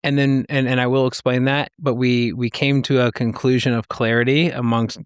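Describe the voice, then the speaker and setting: A man's voice: medium pitch, flat delivery, moderate pace, clear, resonant tone, no room sound, studio quality. A man in his thirties co-hosting a podcast, talking in a reflective, rambling way about philosophical ideas. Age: 30s. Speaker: podcast co-host. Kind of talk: casual podcast conversation.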